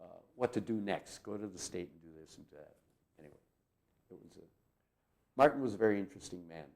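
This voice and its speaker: An older man in his eighties with a lowish voice recounts local memories. He wanders through his stories with many fillers and chuckles warmly at the funny parts. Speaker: interviewee. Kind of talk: reminiscing storytelling.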